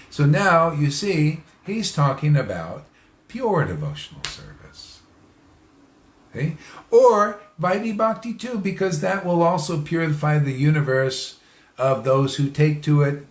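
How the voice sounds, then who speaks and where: A man's voice: on the high side, big pitch swings, measured pace. A man giving an informal spiritual talk, repeating phrases for emphasis, laughing often and speaking straight to his listeners. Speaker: spiritual teacher. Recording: echoey room.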